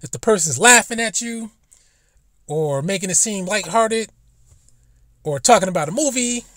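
A man's voice: high-pitched, animated, normal speed, fairly bright tone, no room sound, clean studio sound. A man ranting bluntly and profanely in a casual vlog monologue, recorded in a car. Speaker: vlogger.

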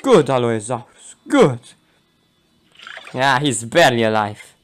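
A man voicing a calm, smug male zombie robot who teases dryly. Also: measured pace. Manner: dry, teasing, low-key.

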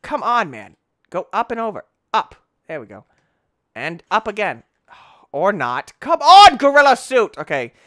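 A young man giving let's-play commentary, tired and yawning, breaking into excited yelps and shouts. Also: on the high side, a little slow, long pauses, dry recording, clean studio sound. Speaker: gaming YouTuber.

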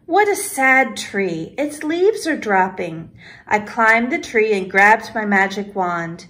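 A woman art teacher reading a children's storybook aloud in an expressive, unhurried storytelling manner. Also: mid-range voice.

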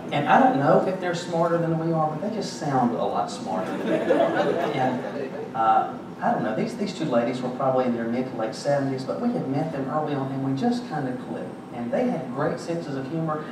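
A man preaching a sermon as pastor, in a conversational, joking storytelling way. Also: medium pitch. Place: church sanctuary. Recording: very echoey church, distant mic, background noise.

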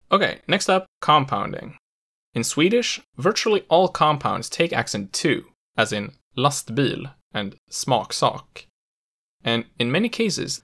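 Gravelly man explaining language patterns. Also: mid-range voice, fairly bright tone. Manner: explanatory, with playful asides. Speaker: language educator. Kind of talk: scripted educational narration.

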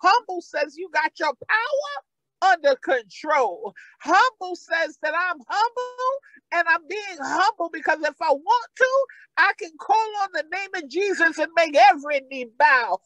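A woman's voice: very high-pitched, animated, a little slow, a bit bright, no echo, low-quality recording. A woman pastor with a New York accent, preaching a sermon with fervent, repeated calls.

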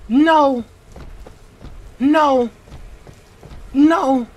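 A gamer giving casual, slang-filled commentary on a horror game, panicking, repeating short exclamations and breaking into shouts. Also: sits high, slow, long pauses.

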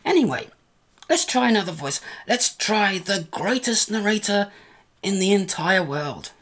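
A man giving a casual, self-deprecating software tutorial through an AI voice changer. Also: high voice, big pitch swings, unhurried. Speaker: tutorial host.

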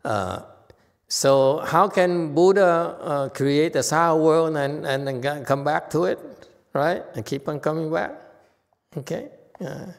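A man's voice: a little high, a little slow, gravelly, long reverb tail. A man giving a casual Buddhist dharma lecture, joking and teasing his listeners between points. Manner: joking, teasing the audience, chuckling.

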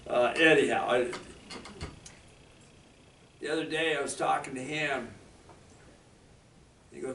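A man preaching a folksy, excitable sermon as a guest speaker in a church hall. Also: mid-range voice, normal speed, pauses often, a little hiss or hum. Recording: echoey hall, mic from a distance.

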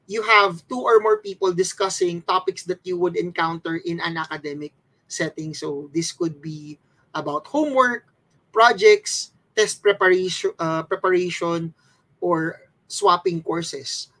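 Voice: mid-range voice, a bit bright, rough recording. A test-prep instructor from the Philippines, patiently explaining things step by step as a slide lesson.

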